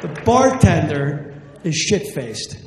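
A man delivers crude, profane stand-up punchlines at an unhurried pace. His voice sits high for a man. The room echoes, with a long reverb trailing behind him. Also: very animated, background noise. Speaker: stand-up comedian. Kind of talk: stand-up storytelling. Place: comedy stage before a live audience.

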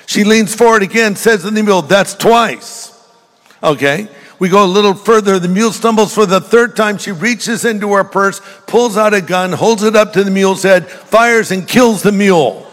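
An older pastor preaches to his congregation in a large church hall, telling jokes and funny stories with jokey asides. His high, slightly bright voice moves fairly quickly with few pauses, over soft background music and a long hall reverb.

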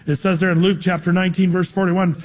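High-voiced husky preacher in a hall. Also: male voice, fast talker. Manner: conversational, rhetorical questions, animated asides. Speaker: pastor. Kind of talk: sermon. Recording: long reverb in a large hall.

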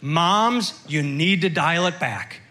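A man's voice: on the high side, expressive, takes it slowly, pushed and bright. A man doing a stand-up routine, wry and complaining. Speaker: stand-up comedian.

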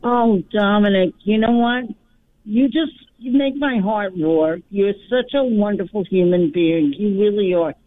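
A woman's voice: medium pitch, unhurried, slight background noise. A woman calling in to a talk show, gushing with praise and speaking emotionally. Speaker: caller. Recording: tinny phone line.

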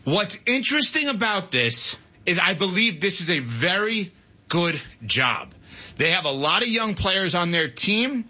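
A man on sports radio with a high, very bright and husky voice, out of breath as he lays out animated, opinionated analysis. The sound is dull and lo-fi, like a broadcast feed. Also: measured pace. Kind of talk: sports talk radio discussion.

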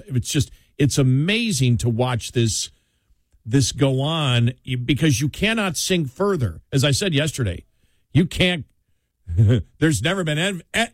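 Male radio host, rambling, incredulous, full of restarts, mid-pitched voice, dry close mic. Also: big pitch swings, unhurried, dry recording. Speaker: radio talk show host. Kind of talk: political talk radio chat.

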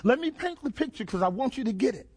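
High-voiced male preacher, dramatic. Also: lively intonation, quick pace, darkish tone, husky. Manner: dramatic, call-and-response questions, repeats phrases. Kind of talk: sermon.

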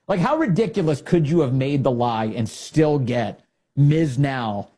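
A man's voice: measured pace, slightly rough. A man hosting a political commentary show, talking in a mocking, sarcastic way. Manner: mocking, animated, jumps into a high pitch for sarcasm.

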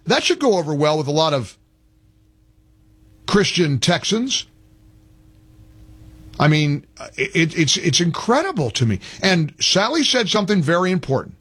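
Ranting male talk radio host, fairly high voice. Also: big pitch swings, normal speed, pauses often, a bit bright, breathy edge. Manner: heated, ranting, repeats himself, frequent restarts. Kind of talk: political talk radio monologue.

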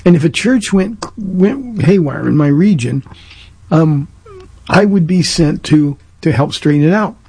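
A man's voice: mid-range voice, dark tone, husky, dry recording, low-quality recording. A man from Southern California, a pastor hosting a call-in radio show, answering listeners' questions in an earnest, plainspoken way at length.

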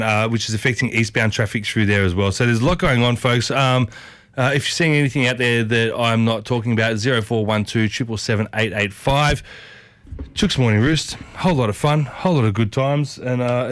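An excitable Australian man hosts breakfast radio, bouncing between chatty asides and traffic updates. He sits close to a studio mic, and the sound is dry and close with no room around it. His pitch sits in an ordinary middle range for a man. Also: no room sound. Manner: excitable, chatty, addresses listeners as folks. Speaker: radio host. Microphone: studio microphone.

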